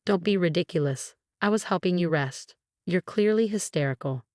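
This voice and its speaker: A woman voicing a cold, condescending older mother-in-law who talks smoothly and dismissively. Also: fairly low pitch, lively intonation, normal speed, darkish tone, no room sound, studio quality, close to an everyday voice.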